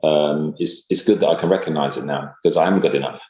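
A man in casual conversation, speaking in a halting, reflective way with many fillers and restarts. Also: very deep voice, steady tone, darkish tone. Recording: echoey room.

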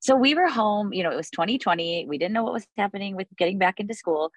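A woman's voice: medium pitch, lively intonation, fast talker, no room sound. A woman in her forties, a music teacher, talking in a podcast interview, chatty with many fillers and restarts.

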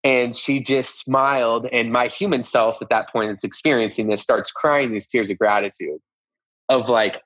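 A man's voice: medium pitch, steady tone, normal speed, a bit bright, no room sound, poor audio. A man earnestly recounting a personal experience in casual storytelling, acting out conversations as he goes. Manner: earnest, reenacts conversations with "I was like". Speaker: guest telling a personal story.

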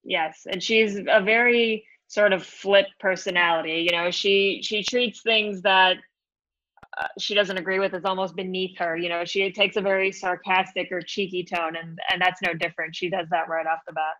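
A woman's voice: fairly low pitch, steady tone, moderate pace, sharp tone, dry recording, muffled recording. A woman author talking about her book in an interview, thoughtful and loose with fillers. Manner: thoughtful, with many fillers and restarts. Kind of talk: interview chat.

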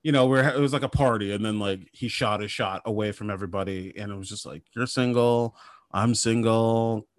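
A man's voice: fairly low pitch, fairly even intonation, fast, few pauses, no echo. Rambling joking male podcast host. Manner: joking, rambling, lots of "like" and "you know". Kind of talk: casual comedic chat.

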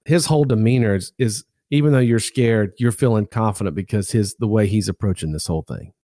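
A man's voice: fairly low pitch, a little fast, dark tone, dry recording, studio quality. A man hosting a podcast interview, reflecting enthusiastically on his guest's story in a casual way. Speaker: podcast host. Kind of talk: interview commentary.

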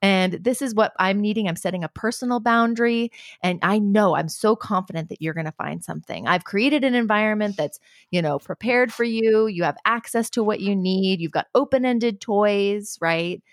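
A woman's voice: mid-range voice, moderate pace, dry recording, studio quality. A woman guest speaking earnestly and emphatically, giving parenting advice in conversation, often in lists.

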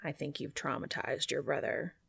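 A woman's voice: deep voice, creaky, fairly bright tone, breathy edge, dry recording, pitched below the performer's own voice, heavily acted. A woman voicing a solemn, literal-minded male angel. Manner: solemn, measured.

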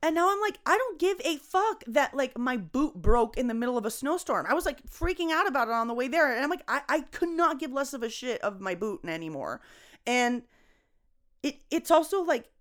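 A young adult woman, a comedian, talking casually on a podcast in a rambling, expressive way, swearing and laughing often. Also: high-pitched, a little fast. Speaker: guest comedian.

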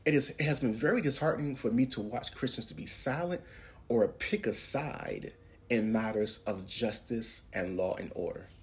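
A man's voice: medium pitch, moderate pace. A man hosting a preaching podcast, speaking in an emphatic, preacherly way and pushing his voice up on key words. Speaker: podcast host.

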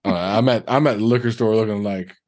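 A man's voice: fairly low pitch, a little fast, darkish tone. A man co-hosting a podcast, chatting casually and joking with frequent restarts. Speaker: podcast co-host. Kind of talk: casual chat.

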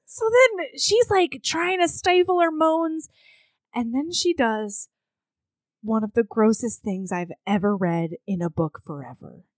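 A woman co-hosting a casual chat, recapping a book in a blunt, crude and animated way. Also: on the high side, a little slow, no echo.

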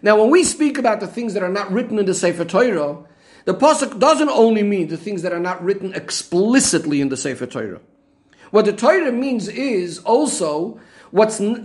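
Brief: male Torah teacher, high voice, methodical explainer. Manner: methodical, restates points with Hebrew terms. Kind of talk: explaining a Rashi commentary.

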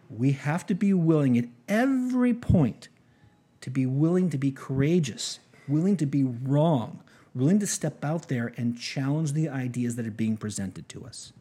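Husky-voiced man telling a story. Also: mid-range voice. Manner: animated retelling with quoted dialogue, frequent restarts. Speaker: podcast host. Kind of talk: storytelling monologue.

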